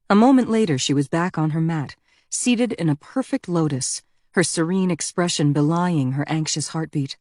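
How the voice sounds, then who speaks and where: Low-voiced woman narrating an audiobook. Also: a little mellow, no room sound, studio quality.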